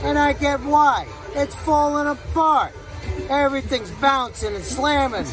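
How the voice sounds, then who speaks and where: A man's voice: very high voice, unhurried, music in the background. A man giving a jokey, wisecracking travel report at a theme park. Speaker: travel segment correspondent. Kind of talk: casual comedic vlog-style travel report. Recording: crowd and outdoor noise behind.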